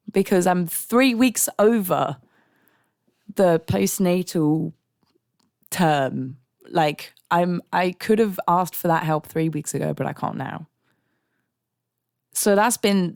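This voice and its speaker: A woman's voice: fairly low pitch, expressive, measured pace, gravelly, pauses often, dry recording, clean studio sound. A young woman streaming live, chatting candidly and ranting with frequent laughter. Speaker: songwriting livestreamer. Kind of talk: casual livestream chat.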